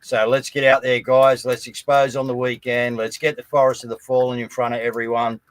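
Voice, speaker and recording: A man's voice: medium pitch, level tone, brisk, smooth, no echo. An Australian man hosting a live online news show, rallying his listeners and often checking in with "guys, all right?". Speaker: host.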